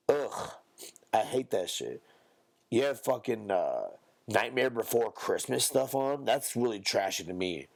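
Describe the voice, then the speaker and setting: A young man, a podcast co-host, ranting bluntly and profanely in casual talk, now and then mocking others in a squeaky high voice. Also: expressive, a little slow, creaky.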